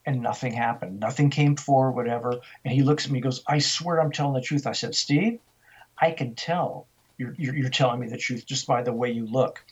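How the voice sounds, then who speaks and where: Older male guest, animated storyteller, husky tone, muffled lo-fi line. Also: mid-range voice, fairly quick, few pauses. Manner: animated storyteller, acting out quoted voices. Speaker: interview guest. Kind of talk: storytelling in a radio interview.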